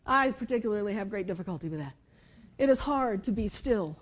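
A woman preaching a conversational sermon, moving between lively emphasis and hushed, quiet passages. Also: mid-range voice, brisk. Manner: conversational, with dramatic shifts between loud and hushed speech. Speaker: speaker giving a devotional message.

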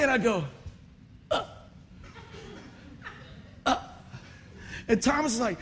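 A middle-aged male pastor with a high voice tells funny stories as he preaches. He is animated, breaks into laughter and shouts out exclamations. A faint hiss sits behind him. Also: a little slow, long pauses. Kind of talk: comic storytelling sermon.

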